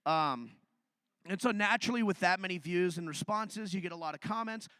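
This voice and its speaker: A man's voice: high voice, lively intonation, fairly quick, pushed and bright, no echo. A man doing a live stand-up set on a theatre stage, telling self-deprecating stories in a conversational way. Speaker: stand-up comedian.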